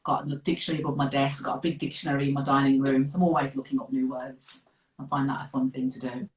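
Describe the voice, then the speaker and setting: A middle-aged woman with a Birmingham accent, chatting as a guest author on a live video call, direct and quick to laugh. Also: very deep voice, flat delivery. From West Midlands of England. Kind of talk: casual live interview. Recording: echoey room, distant from the mic.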